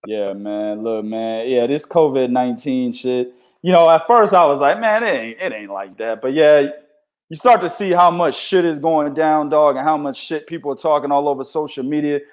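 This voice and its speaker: A man co-hosts a laid-back boxing podcast, spinning stories full of heavy slang and profanity in an animated manner. His pitch is fairly high and his pace moderate.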